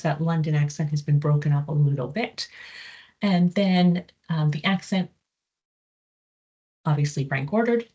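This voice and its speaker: Husky low-voiced woman lecturing. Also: darkish tone. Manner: measured, explanatory, with frequent "um" fillers. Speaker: psychology professor giving a research talk. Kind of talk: academic presentation.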